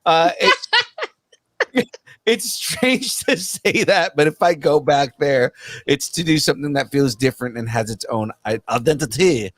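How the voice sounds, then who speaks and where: A man's voice: a little high, expressive, measured pace, fairly bright tone, no room sound. A man co-hosting a casual podcast, reading news aloud and goofing around with silly voices. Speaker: podcast co-host.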